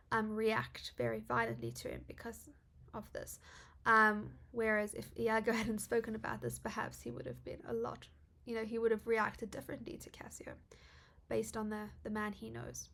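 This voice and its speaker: A woman tutor casually explaining literature quotes, chatty and informal, with frequent likes, ums and small laughs. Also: fairly high pitch.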